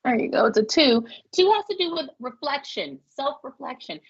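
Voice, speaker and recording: High lively woman reading tarot. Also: moderate pace, vocal fry. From Pennsylvania. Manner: folksy, reassuring, laughs often. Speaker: psychic reader. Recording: muffled low-fi audio.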